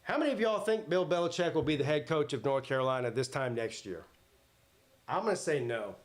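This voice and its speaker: A man's voice: fairly high pitch, animated, quick pace. A man hosting a live watch-party stream, joking crudely, commenting on the game and reading chat aloud.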